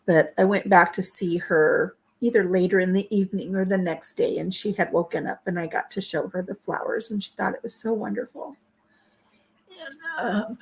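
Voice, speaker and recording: A middle-aged woman speaks casually in her home kitchen for a vlog. She is crying, and tears break into her voice as she keeps talking. Her pitch sits in an ordinary middle range. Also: husky. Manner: tearful, speaks through crying. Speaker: vlog host. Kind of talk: casual chat while baking.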